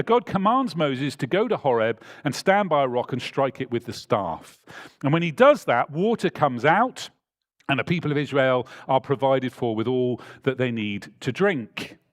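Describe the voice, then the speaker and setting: A man preaching a sermon in a church, telling a scripture story and reading passages aloud with emphasis. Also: medium pitch. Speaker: pastor.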